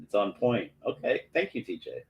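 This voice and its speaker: A man's voice: on the low side, wildly swooping pitch, moderate pace, lo-fi sound, noisy background. A man with a Boston accent co-hosting a casual chat show, jokingly reading viewer comments aloud. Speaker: podcast co-host reading chat.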